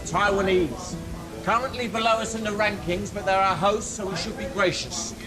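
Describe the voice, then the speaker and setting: An actor playing a brisk, joking maths team leader. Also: male voice, high voice, steady tone, over music, close to an everyday voice. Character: jokey British maths camp team leader, man.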